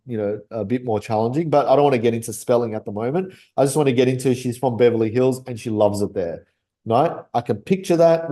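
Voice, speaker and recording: A man's voice: medium pitch, dark tone. A man, teaching a memory technique in a casual, chatty way, often checking in with "right?" and laughing between points. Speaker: memory coach.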